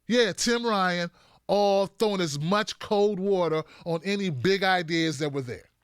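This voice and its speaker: A man hosting an online political commentary show, animated and mocking as he runs down debate performances. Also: high-pitched, measured pace, smooth, no echo, studio quality.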